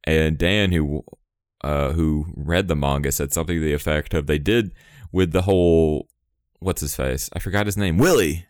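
A man co-hosting a casual chat, animated and acting out quotes in exaggerated voices. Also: very deep voice, normal speed, no echo, clean studio sound. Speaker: podcast co-host.

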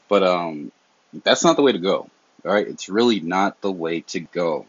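A man's voice: deep voice, expressive, moderate pace, no echo. A young man from the American South with a Southern accent, hosting a casual solo podcast and talking in a candid, slangy, earnest way. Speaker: podcast host. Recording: dull lo-fi dry sound.

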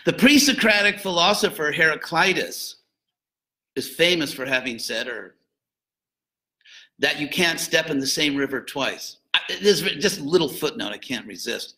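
A man's voice: on the high side, animated, normal speed, bright, forceful tone, low-quality recording. A man giving an informal lecture on philosophy and religion, digressive and jokey, with frequent asides.

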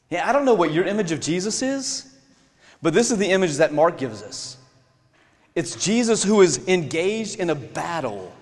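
A man preaching a sermon in an animated way, laughing often and acting out the people in his stories. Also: sits high, in a large hall. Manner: animated, laughing, acts out voices in quotes.

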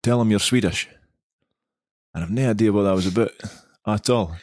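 A Scottish man with a very low voice spins a rambling, self-mocking tale for his podcast co-host. He talks in a loose, chatty way, and the recording is dry and close. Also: moderate pace, darkish tone, dry recording. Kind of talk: casual storytelling chat.

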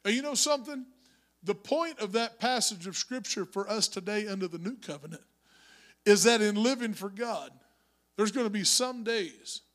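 A male pastor preaching a sermon in church, moving from conversational storytelling to shouted exhortation. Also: high voice. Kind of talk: Pentecostal-style preaching. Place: church sanctuary.

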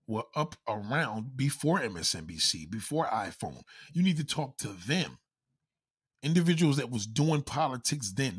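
A man ranting in a loud, profane, comedic style, constantly swearing and acting out quoted voices. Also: on the low side, slightly rough.

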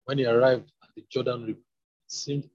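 Husky man reading scripture, lo-fi. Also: mid-range voice, steady tone, normal speed, darkish tone. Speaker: scripture reader. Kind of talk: Bible reading. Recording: dull lo-fi recording.

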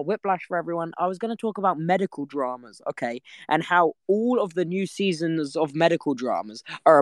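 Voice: medium pitch, dry recording. A young adult vlogger, telling a story to camera in a giggly, rambling way that trails off mid-sentence.

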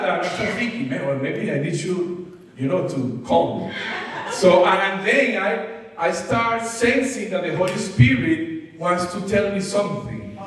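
Exuberant male evangelist in a hall. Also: sits high. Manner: exuberant, shouting hallelujahs and calling the congregation to repeat. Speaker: evangelist preacher. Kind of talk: sermon. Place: large church hall. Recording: echoey church hall, mic far off.

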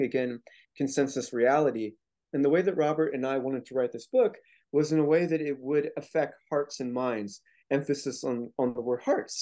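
A man's voice: medium pitch, mellow. A man speaking as a guest author in a casual interview, explaining his points earnestly with frequent restarts.

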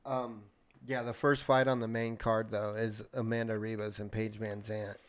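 Man, podcast co-host, blunt, swears a lot, slightly low voice. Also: flat delivery, normal speed. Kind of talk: casual chat.

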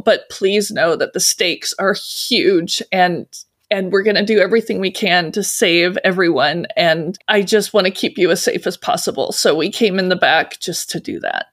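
Earnest woman player in a tabletop game, slightly low voice. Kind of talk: tabletop role-play.

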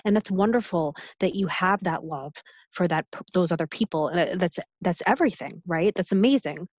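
A woman's voice: on the low side, a little fast, dry recording, muffled recording. A woman co-hosting a casual chat, earnest and encouraging. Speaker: podcast co-host.

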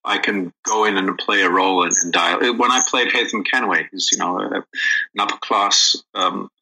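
Bright-voiced rambling male actor. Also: low-pitched, normal speed, gravelly, breathy edge, poor audio. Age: middle-aged. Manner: rambling, many restarts and fillers. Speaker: actor guest. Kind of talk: casual interview chat.

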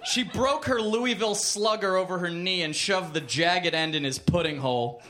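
A man's voice: high-pitched, moderate pace. A man reading a crude comic story aloud on a comedy club stage, with mock-literary narration. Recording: noisy live club recording.

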